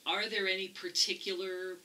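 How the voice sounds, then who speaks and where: A woman interviewer asking a candidate a question, measured and slightly hesitant. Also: medium pitch, flat delivery, pushed and bright, a little hiss or hum, poor audio.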